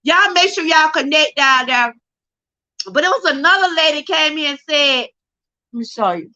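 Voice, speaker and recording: A woman's voice: high voice, lively intonation, normal speed, bright, forceful tone, highs cut off. A middle-aged woman giving an emotional, fervent testimony on her livestream, close to tears and calling out to viewers. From Georgia, USA. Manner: fervent, preacher-like, addresses viewers as y'all. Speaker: livestream host.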